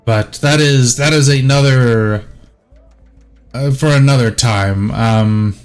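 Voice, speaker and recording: A man running a tabletop game as game master, narrating haltingly with many pauses and fillers. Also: mid-range voice, soft background music.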